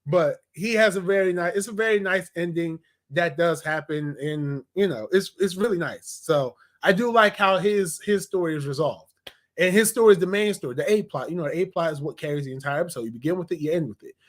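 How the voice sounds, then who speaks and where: A young man in a casual review vlog, animated and slangy, laughing as he retells scenes. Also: a little high, a little fast. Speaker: TV episode reviewer.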